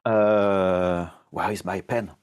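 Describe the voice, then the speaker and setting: Non-native guy on a live stream showing off software features, lowish voice, lots of uh and sorry. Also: steady tone, clean tone. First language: not English. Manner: halting, many fillers and self-corrections. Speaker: software team member demonstrating features.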